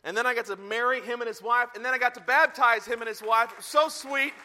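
Man, pastor, sermon, animated storytelling, high voice. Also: fast, some chatter behind. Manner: animated storytelling, acting out quoted lines.

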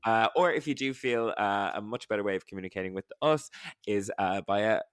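A man's voice: lowish voice, a little fast, clean tone, no room sound. A man co-hosting a podcast in casual chat, joking, giggling often and swearing freely. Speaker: podcast co-host.

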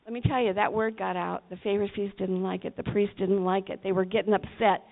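A woman preaching a sermon, retelling a story with dramatic swings between hushed and shouted passages. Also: medium pitch, fairly quick, creaky. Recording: tinny phone-like sound.

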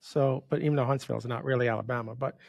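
A man's voice: mid-range voice, fairly even intonation, rapid-fire, gravelly. A middle-aged man hosting a casual conversation, emphatic and full of questions. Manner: emphatic, asks lots of questions. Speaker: host.

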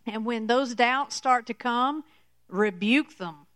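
Woman preacher, fairly high, smooth voice, slow and emphatic, dry close sound. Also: fairly bright tone, dry recording. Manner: slow, emphatic, repeats "okay?" to the listener. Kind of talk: sermon teaching.

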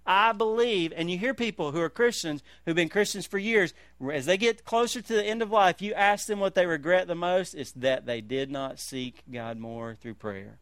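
A middle-aged man preaching a sermon as pastor, swinging between loud calls and quiet, slow emphasis. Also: sits high, smooth, dry recording.

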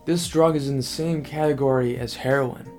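A young man talking casually to camera as a vlogger, rambling and excitable, full of fillers and swearing. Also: medium pitch, normal speed, faint music behind.

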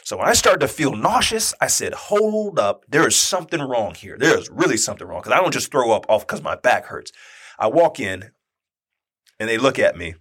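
A man's voice: mid-range voice, a little fast, slightly rough. A man in his thirties telling a personal story in casual talk, acting out the quoted dialogue. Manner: animated, acts out quoted dialogue.

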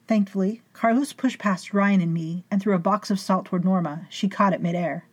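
A woman narrating a story in a measured, dryly amused way. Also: medium pitch. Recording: faint music behind.

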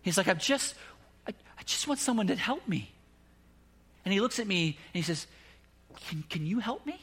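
A middle-aged man preaching a sermon, telling a personal story with animated, rising emphasis and closing in a soft prayer. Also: sits high, moderate pace, breathy edge. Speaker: pastor.

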